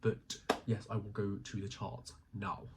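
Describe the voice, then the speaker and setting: A man's voice: lowish voice, monotone, measured pace, background noise. A young man, out of breath, casually walking through his trading charts in a rambling way full of fillers. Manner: rambling, filler-heavy, self-deprecating. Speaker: forex trading vlogger. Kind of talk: casual screen-share walkthrough.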